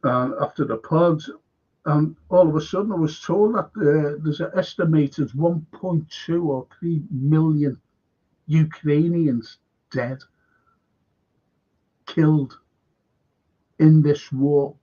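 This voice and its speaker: A man's voice: fairly high pitch, slow pace, pauses often, mellow, breathy edge. A man hosting a live stream, rambling emphatically, repeating himself and firing questions at his viewers. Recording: dull lo-fi stream audio.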